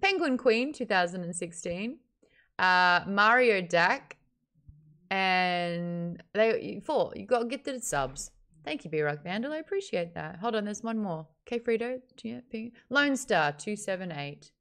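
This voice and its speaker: Lively woman hosting a live stream. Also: mid-range voice, a little slow. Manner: animated, reads out viewer names and comments. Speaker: book club host. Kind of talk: live-stream chat with viewers.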